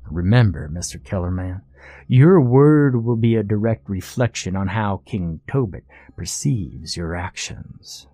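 A man voicing a formal, measured male servant of a sinister king, speaking in a pompous, courtly way. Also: fairly low pitch, dark tone, no echo. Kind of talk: storytelling.

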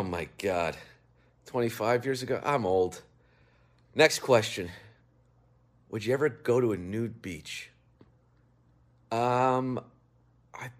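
A man rambling through jokey, self-deprecating stories in a casual recorded video message. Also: lowish voice.

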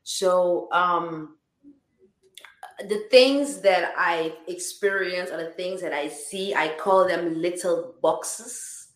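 Woman, songwriter guest, lowish pitch, reflective, repetitive phrasing, roomy echo. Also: slow. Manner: reflective, repeats words and restarts often. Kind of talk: casual interview chat.

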